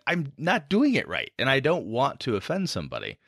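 A man's voice: mid-range voice, sing-song, fairly quick, hardly any pauses, fairly bright tone, no room sound, clean studio sound. A man talking casually on a podcast about running tabletop games, rambling and self-deprecating.

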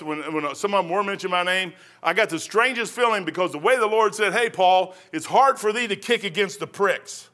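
A man's voice: sits high, bright, forceful tone. A man preaching a sermon as pastor, rambling folksy and telling stories.

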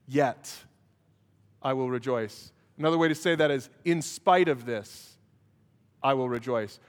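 A male pastor preaching a sermon while emotional, swinging between loud emphatic passages and hushed prayer. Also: on the high side. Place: church. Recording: long church hall reverb.

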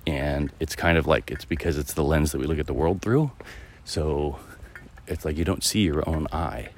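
A man's voice: rumbling low, normal speed. A man hosting a podcast, talking in a loose, rambling reflective monologue while out walking his dog, with many fillers and restarts. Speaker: podcast host. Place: outdoors, walking a dog through a neighborhood.

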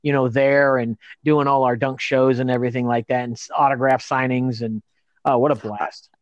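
A man's voice: medium pitch, level tone, normal speed, dry recording, muffled recording. A man reminiscing in casual chat, with many fillers.

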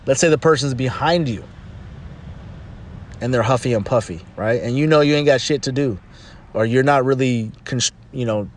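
A man's voice: mid-range voice, slight background noise. A man talking through casual advice in a loose, rambling way, often adding "you know" and restarting his sentences.

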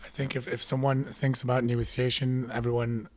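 A man interviewing a guest, asking measured, curious questions. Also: mid-range voice, little pitch movement.

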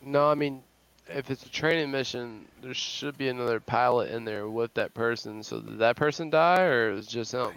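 Gravelly Southern-accented man chatting. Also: medium pitch, moderate pace, few pauses, a bit bright, muffled recording. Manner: profane, joking, rambling with restarts. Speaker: chat participant. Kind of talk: casual chat.

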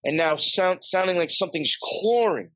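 A man's voice: high voice, animated, normal speed, pushed and bright, no room sound, low-quality recording. New York man, podcast guest, rambling storyteller, dry close sound. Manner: rambling, heavy swearing, laughs often. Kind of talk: casual storytelling.

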